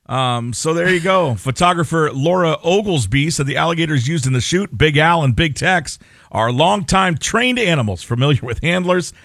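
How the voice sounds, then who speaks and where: A man's voice: on the high side, lively intonation, normal speed, creaky, fairly bright tone, no room sound. Wry male radio host, dry sound. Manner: wry, joking asides, laughs mid-sentence. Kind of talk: casual radio banter, reading a news story.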